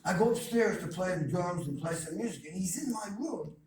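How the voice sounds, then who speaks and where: A man's voice: sits high, animated, fairly quick, darkish tone. Emphatic man speaking in an echoey hall. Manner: emphatic, storytelling, repeats phrases. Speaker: guest speaker. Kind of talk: motivational talk. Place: college lecture hall. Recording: distant, echoey hall with faint noise.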